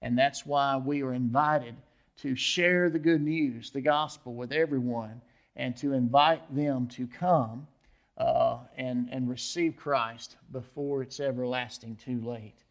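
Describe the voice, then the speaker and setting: A man's voice: mid-range voice, steady tone, slow. A man preaching an expository sermon as pastor, often asking the listeners questions and checking in with them.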